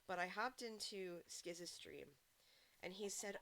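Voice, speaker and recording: Woman, game streamer, casual chat, rambling, middle pitch, talks to her chat. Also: slow, fairly bright tone. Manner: chatty, rambling, answers chat while playing.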